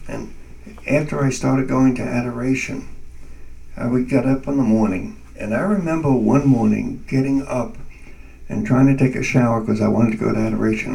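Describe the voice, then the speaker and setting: A man guest earnestly telling a personal faith story in conversation, animated and vivid. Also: mid-range voice, vocal fry, distant mic, low-quality recording.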